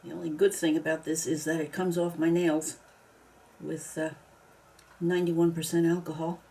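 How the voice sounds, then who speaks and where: A woman with a warm, low-pitched voice that doesn't move much in pitch casually narrates a craft project at a moderate pace for a video. She talks herself through it step by step, sometimes grumbling mildly at the work.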